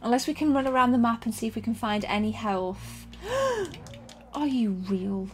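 A young woman with a fairly high voice streams her gameplay live. She reacts in a jumpy, excitable way, swearing freely and gasping between quick remarks to her chat. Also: slight background noise. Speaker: streamer playing a retro shooter.

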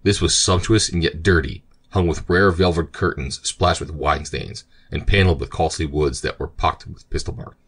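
A man narrating an audiobook in a steady, measured way. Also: a bass voice, breathy edge.

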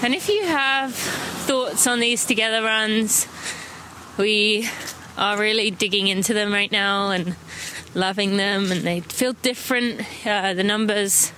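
An English woman hosts a running podcast while walking outdoors, chatting casually and counting listeners into strides as an audio running guide. Her medium-pitched voice is bright and forceful at a measured pace, on a low-quality recording with slight background noise.

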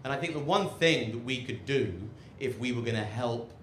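A man's voice: medium pitch, normal speed, slight background noise. A man doing live stand-up comedy in a sardonic, rambling way, often cutting himself off. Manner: rambling, self-interrupting, sardonic. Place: rooftop comedy club. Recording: echoey live venue with loud crowd.

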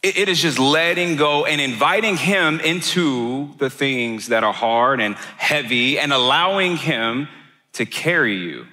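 A young man preaching to his church with a bright, forceful voice that rings through a big reverberant hall. He speaks earnestly, stumbles and repeats words, and rises to emphatic peaks. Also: mid-range voice, expressive, measured pace. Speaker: pastor. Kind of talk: sermon. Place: church auditorium.

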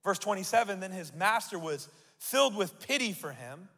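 A male pastor preaching a sermon, reading scripture aloud and building to loud declarations. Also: high voice, big pitch swings, normal speed, breathy edge. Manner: reads scripture aloud and asks the crowd to repeat. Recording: long hall reverb.

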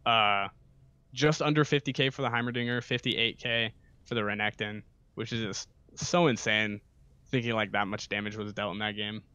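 A man giving relaxed color commentary on an esports match, with lots of fillers and easy laughter. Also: on the low side, normal speed, clean tone, no room sound, muffled recording. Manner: casual, filler-heavy, laughs often. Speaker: esports co-caster.

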